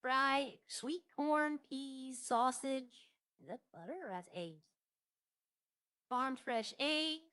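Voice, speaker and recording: Higher-voiced woman musing aloud, dry sound. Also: slow pace, sharp tone, dry recording. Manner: muses aloud, listing items as she browses. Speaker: roleplay streamer. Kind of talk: casual in-game chat.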